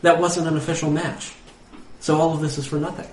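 A man's voice: fairly high pitch, flat delivery, brisk, slight background noise. Teasing man heard from afar in echo. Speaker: player. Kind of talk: casual chat. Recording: echoey room, mic far off.

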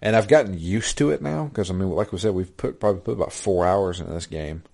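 A man with a slightly low voice chats easily on a podcast, rambling and correcting himself as he goes. He talks like a friend going over the games he's been playing, loose and unhurried. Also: gravelly, darkish tone. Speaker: podcast co-host. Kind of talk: casual chat about video games.

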